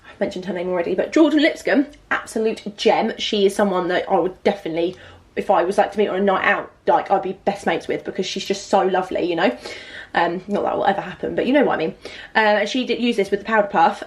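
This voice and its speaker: A young woman talks through her makeup in a chatty, excitable way, full of asides and fillers. Her pitch sits in an ordinary middle range. Faint household clatter sits behind her voice. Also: a little hiss or hum. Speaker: beauty vlogger. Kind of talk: casual makeup collection vlog.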